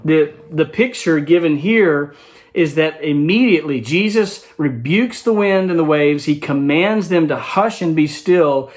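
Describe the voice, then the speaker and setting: Brief: male Bible study teacher, relaxed explanatory tone, voice sitting a bit high. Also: unhurried. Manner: conversational, explains verse by verse with rhetorical check-ins.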